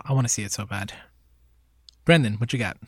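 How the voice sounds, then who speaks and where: A man's voice: fairly low pitch, brisk, breathy edge, no echo, studio quality. Upbeat man hosting a podcast. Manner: upbeat, promotional. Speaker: podcast host. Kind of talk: casual podcast chat and read announcements.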